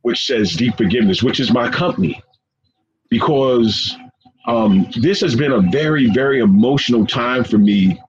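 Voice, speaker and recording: A man being interviewed as a guest, speaking earnestly and with deep emotion, often repeating phrases and calling his listener "man.". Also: normal speed. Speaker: guest, professor and founder of a forgiveness organization. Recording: dull lo-fi sound with faint background noise.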